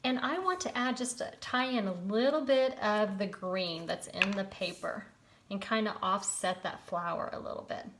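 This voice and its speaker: A woman's voice: medium pitch, normal speed, fairly bright tone, a little hiss or hum. A woman leading a live card-making tutorial, chatty and encouraging, greeting viewers by name.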